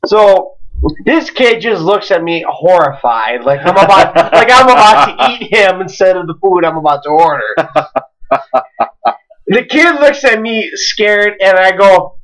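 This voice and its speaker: High-voiced animated storytelling man. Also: a little slow, low-quality recording. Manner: animated storyteller, acts out quotes with shouts and laughs. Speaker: podcast host. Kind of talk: casual storytelling chat.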